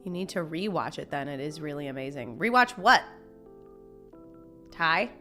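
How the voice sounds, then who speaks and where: A woman's voice: deep voice, expressive, moderate pace, bright, forceful tone, soft background music. A young woman chatting casually on a live stream, reading chat messages, laughing often and talking with lots of restarts. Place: home.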